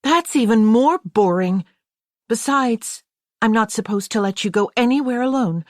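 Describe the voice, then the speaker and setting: A woman voicing a lively, impatient young American girl with an American accent, teasing and cheerful in an audiobook reading. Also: fairly high pitch, moderate pace, dry recording, studio quality, pitched above the performer's own voice, natural voice. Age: young adult.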